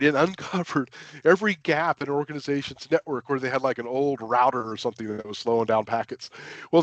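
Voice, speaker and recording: A man's voice: mid-range voice, no room sound. A man presenting a technical webinar in a chatty, self-deprecating way, with lots of fillers and restarts. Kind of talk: casual technical webinar talk.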